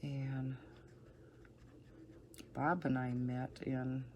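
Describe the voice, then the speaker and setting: A middle-aged woman with a low, soothing voice, chatting casually and rambling with soft laughs while she colors. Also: little pitch movement, very slow, muffled recording, a little hiss or hum. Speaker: coloring channel host.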